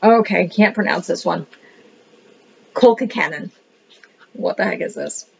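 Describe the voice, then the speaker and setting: A woman's voice: fairly low pitch, a little slow, gravelly, husky. A woman giving a casual book review, rambling and thinking aloud as she leafs through the pages. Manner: rambling, thinking aloud, says "what the heck" a lot. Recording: dull lo-fi recording.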